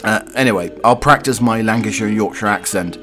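A man's voice: lowish voice, a little fast, sharp tone, faint music behind. A man with a cold hosting a podcast, reading odd news stories and drifting into rambling asides full of fillers. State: has a cold. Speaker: podcast host.

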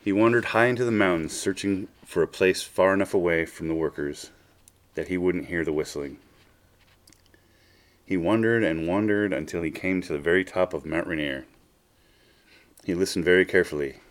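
With a deep voice, a man reads a children's storybook aloud. He takes his time and is expressive, drawing his phrases out.

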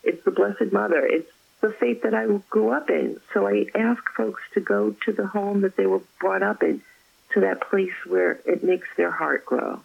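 A woman, an author, chatting as an interview guest and telling stories about her faith with effusive warmth. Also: medium pitch, moderate pace, vocal fry, husky, muffled recording. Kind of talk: casual interview chat.

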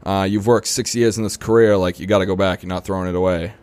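A young man tells his story in a low, smooth, resonant voice. He talks casually, leaning on "you know" and "right?" as he goes. The sound is close and dry. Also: steady tone, fast talker, darkish tone, dry recording. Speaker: podcast guest.

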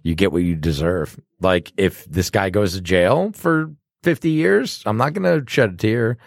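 A man's voice: fairly low pitch, moderate pace, gravelly, no room sound. A man co-hosting a casual podcast, talking bluntly with lots of swearing and chewing snacks near the microphone. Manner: blunt and profane, chewing snacks close to the mic. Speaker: podcast co-host, bartender. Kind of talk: casual chat. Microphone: studio microphone.

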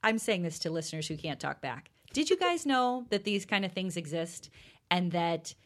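A woman's voice: fairly low pitch, sing-song, moderate pace. A middle-aged woman co-hosting a casual family podcast, emphatic and talking straight to her listeners. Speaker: podcast co-host.

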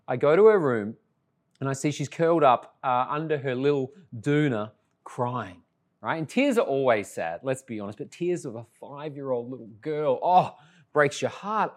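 Speaking at a medium pitch and a moderate pace, this middle-aged Australian man is a pastor opening his sermon. He tells a story conversationally, shifting from animated passages to soft, gentle ones.

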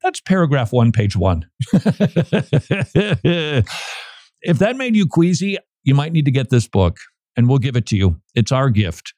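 Lively, mellow-voiced male radio host. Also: medium pitch, measured pace, no echo, studio quality. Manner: animated, chuckling, reads passages aloud with asides. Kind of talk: radio talk commentary. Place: radio studio.

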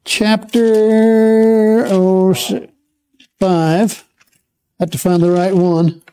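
Slow, deliberate male preacher. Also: high voice, little pitch movement, dark tone, clear, resonant tone. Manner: slow, deliberate scripture reading, leads the congregation in repeating verses. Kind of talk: sermon.

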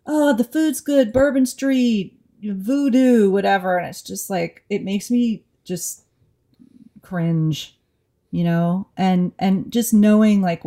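A woman's voice: fairly low pitch, gravelly, mellow. A woman from New Orleans co-hosting a casual podcast, talking candidly and thinking aloud with frequent restarts. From New Orleans, USA. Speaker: podcast co-host.

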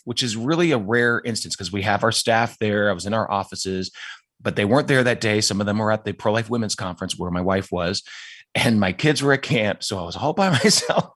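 A man speaks as an interview guest, earnest and emphatic in his delivery. His voice sits a little low. The sound is dry and close, with little room around it. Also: brisk, fairly bright tone, slightly rough, no echo. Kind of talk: interview answers.

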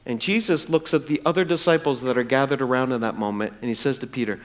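A man preaching a sermon in church, swinging from loud emphasis to hushed, drawn-out words and acting out quoted dialogue in a raised voice. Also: fairly high pitch, animated. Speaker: pastor.

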